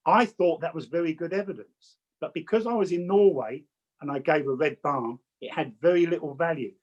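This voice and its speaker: A man's voice: fairly high pitch, a little fast, highs cut off. A man from England, a spiritualist medium, teaching a group over a video call with chatty anecdotes and frequent stammered restarts. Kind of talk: online teaching talk with anecdotes.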